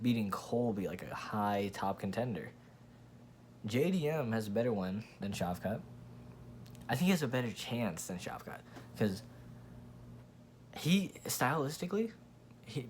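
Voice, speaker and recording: A man's voice: lowish voice, darkish tone, slight background noise. A man hosting his own channel, giving a blunt, profane, rambling casual opinion rant with frequent restarts. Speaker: MMA commentary channel host.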